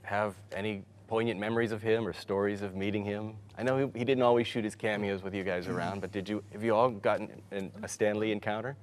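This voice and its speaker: A man's voice: lowish voice, fairly even intonation, fast, few pauses. A male interviewer leading a cast panel, asking conversational questions.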